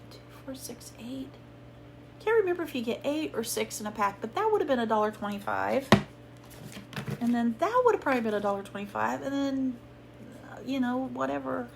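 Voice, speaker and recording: A woman chatting casually to her viewers at home while sick, hoarse and coughing, rambling and apologetic. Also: high-pitched, noisy background. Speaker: haul vlogger. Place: at home, sitting.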